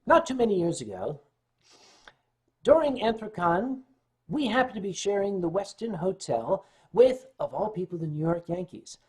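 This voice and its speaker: Husky-voiced man telling a tipsy story. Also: sits high, measured pace, long pauses. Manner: animated storyteller who often clears his throat. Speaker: livestream host. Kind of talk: storytelling on a casual livestream.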